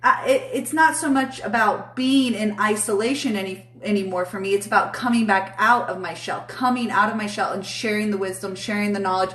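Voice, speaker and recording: A woman's voice: medium pitch, fairly even intonation, a little fast, few pauses, a bit bright, far from the mic, slight background noise. Chatty, blunt woman in an echoey room. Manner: chatty and blunt, swears freely, laughs often. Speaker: spiritual reader and live-stream host. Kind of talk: casual live-stream spiritual reading, answering chat.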